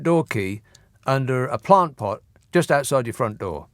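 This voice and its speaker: A man's voice: mid-range voice, lively intonation, a little slow, no room sound. A man hosting a radio phone-in, talking in a dry, sardonic way. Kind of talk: late-night radio talk.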